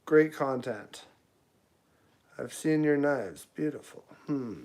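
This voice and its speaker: A man's voice: mid-range voice, takes it slowly, darkish tone. Offhand Canadian man chatting on a livestream. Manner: offhand, joking, mumbling asides to chat. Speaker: livestreaming knifemaker. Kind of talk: casual live-stream chat while working.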